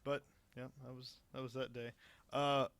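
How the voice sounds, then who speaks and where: A man's voice: medium pitch, level tone, moderate pace, fairly bright tone, clear, resonant tone, dry recording. A young man co-hosting a podcast, casually telling a work anecdote with lots of swearing and laughter. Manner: laid-back, profane, laughing through anecdotes. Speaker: podcast co-host. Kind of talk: casual storytelling chat.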